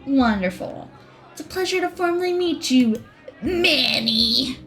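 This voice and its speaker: A woman voicing a sly, smooth-talking male cat-like hunter who speaks slowly and teasingly. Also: a little high, faint music behind, natural voice.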